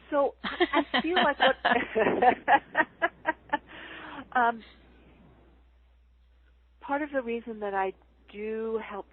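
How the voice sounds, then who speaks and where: Woman healer on a tinny phone line. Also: lowish voice. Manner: animated, laughs often, acts out quoted voices. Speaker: spiritual healer guest. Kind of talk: casual spiritual talk.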